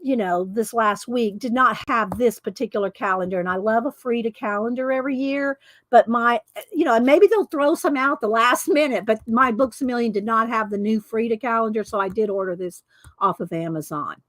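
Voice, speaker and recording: A woman's voice: a little high, brisk, a bit bright, dry recording. A woman hosting an art livestream, chatting casually and rambling as she thanks viewers by name. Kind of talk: casual chat.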